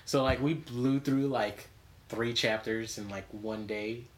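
A man's voice: mid-range voice, fairly even intonation, slow. A man hosting a podcast, chatting casually with a co-host, rambling through stories with lots of fillers and frequent laughs. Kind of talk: casual chat.

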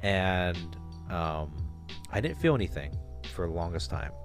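A man's voice: sits low, big pitch swings, measured pace, over music. A man hosting a podcast, telling a long rambling story in casual talk, with restarts and swearing. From Alaska. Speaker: podcast host.

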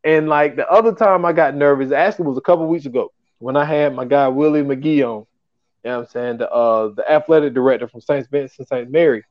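A man's voice: mid-range voice, a little fast, lo-fi sound. A man hosting a podcast in casual chat, rambling and filling with "you know what I'm saying.". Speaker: podcast host.

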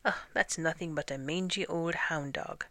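A woman's voice: sits low, normal speed, bright, forceful tone, dry recording. A woman reading a storybook aloud and voicing a plucky young peasant girl with folksy, dryly doubtful replies. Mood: wry.

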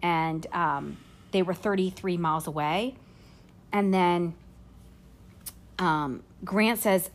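A woman podcast host retelling a story in casual chat, haltingly, with fillers and self-corrections. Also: lowish voice.

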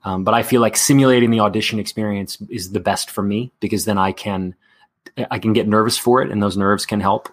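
A male actor from Texas, USA, talks candidly in a casual interview, using many fillers and restarts. His voice is lowish and steady, and he speaks briskly.

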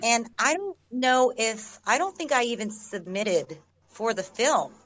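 A woman's voice: a little high, expressive, a little slow, fairly bright tone, slight background noise, rough recording. A woman, an actress, telling stories in a casual, rambling way, often restarting sentences and laughing as she talks. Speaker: actress guest. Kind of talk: casual storytelling in an interview.

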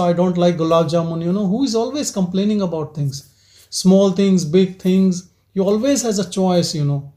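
A man gives a reflective spiritual talk as satsang teacher, probing listeners with repeated rhetorical questions in a gentle teaching tone. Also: high-pitched.

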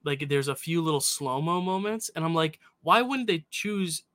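A man's voice: a little high, animated, moderate pace, fairly bright tone, no echo. A man co-hosting a casual podcast, rambling enthusiastically. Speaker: podcast co-host. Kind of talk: casual chat.

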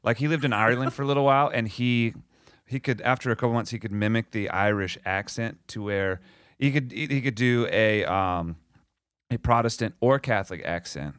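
A man's voice: medium pitch, fairly quick, a bit bright, clean tone, no echo, clean studio sound. A male musician guest telling a casual tour anecdote, laid back and full of fillers. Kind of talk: casual storytelling.

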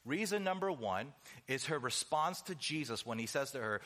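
Male preacher, bright and forceful, emphatic sermon delivery with chatty asides. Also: mid-range voice, sing-song. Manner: emphatic, rhetorical questions, slows down for stress; conversational asides.

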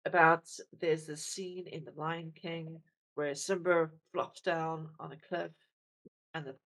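A woman's voice: low voice, flat delivery, slow, fairly bright tone. A woman co-hosting a podcast in casual chat, rambling and self-deprecating, full of fillers and restarts. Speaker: podcast co-host.

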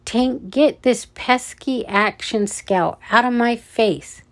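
A woman's voice: a little high, slow pace, pitched above the performer's own voice. A woman doing a barking, bossy guard. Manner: barking, impatient. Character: bossy red-headed male guard.

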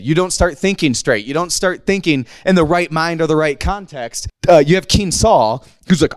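A man's voice: a little high, lively intonation, normal speed, few pauses, no echo, studio quality. A man in his thirties preaching a casual, conversational sermon to a congregation, slangy and playful, acting out the quotes. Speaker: pastor.

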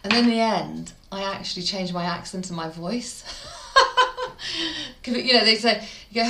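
A woman's voice: mid-range voice, lively intonation, fairly quick, sharp tone, roomy sound. A woman from the English Midlands, a PR expert guest chatting in an interview, telling stories animatedly and laughing often. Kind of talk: casual interview talk.

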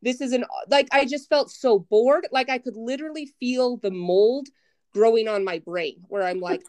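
A woman's voice: fairly high pitch, moderate pace, darkish tone, no room sound. A woman in her thirties, a podcast guest, casually telling self-mocking stories and acting out her own past lines. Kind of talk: casual storytelling chat.

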